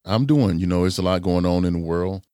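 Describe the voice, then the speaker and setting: A man hosting a podcast in a casual, drawn-out talking manner. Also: low voice, mellow, no room sound, clean studio sound. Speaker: podcast host.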